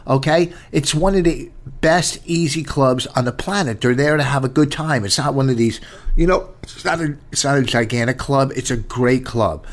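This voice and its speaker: A man's voice: mid-range voice, normal speed. A middle-aged man, a stand-up comedian, telling stories on a casual podcast in a blunt, profane way, full of restarts.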